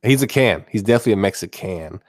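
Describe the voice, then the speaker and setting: A man's voice: fairly low pitch, lively intonation, fast talker, a little mellow, no echo, studio quality. A man chatting casually on a live stream, rambling through rants that build to a sarcastic punchline.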